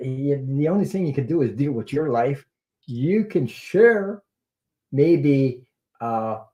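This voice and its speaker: A man's voice: medium pitch, warm tone, low-quality recording. A middle-aged man hosting a tarot livestream, chatting in a rambling way, laughing often and swearing casually. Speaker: tarot reader and livestream host.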